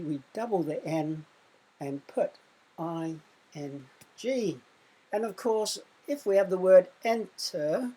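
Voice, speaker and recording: A British woman teacher talks slowly and patiently through a recorded lesson for young children, spelling words out letter by letter. Her voice is mellow and a little husky, set rather low. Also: low-quality recording. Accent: British English. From England. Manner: slow, explains step by step, spells out letters. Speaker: primary school teacher.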